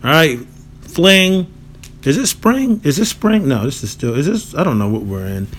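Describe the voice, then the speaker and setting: A man's voice: a little high, sing-song, normal speed. A man in his thirties with a dry, nasal voice, hosting a casual solo podcast in a loose, profane, joking and rambling way. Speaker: podcast host.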